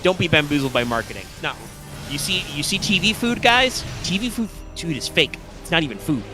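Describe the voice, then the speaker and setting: A young man co-hosting a live stream chats casually, rambling and interrupting himself with frequent swearing. His voice is a little high, very animated and a little fast, heard over music.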